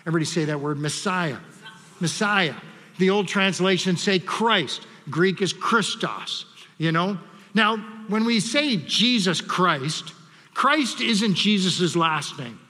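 A man delivers a measured sermon from the pulpit, pausing to read scripture and ask the congregation to repeat key words. His voice sits high and sounds bright and forceful. The sanctuary adds a long, ringing reverb. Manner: measured preaching, reads scripture aloud, leads congregation call-and-response. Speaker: pastor. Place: church sanctuary.

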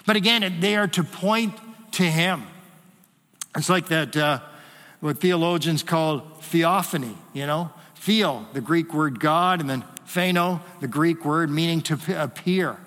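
Animated pastor in a reverberant hall. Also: male voice, fairly high pitch, a little slow. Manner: animated, acts out quoted voices. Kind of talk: sermon. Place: church hall with a screen.

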